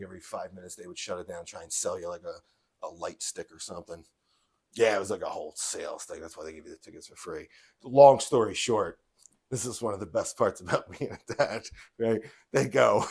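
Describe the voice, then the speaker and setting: A man's voice: sits low, husky. A man, co-hosting a podcast in casual chat and telling stories with lots of laughter. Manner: animated storytelling, laughs often. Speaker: podcast co-host.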